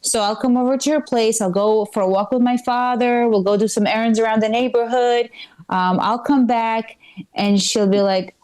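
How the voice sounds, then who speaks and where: A woman's voice: a little high, fairly even intonation, moderate pace, darkish tone, rough recording. A woman performing a live stand-up set at a comedy club, rambling and self-deprecating with many fillers and restarts.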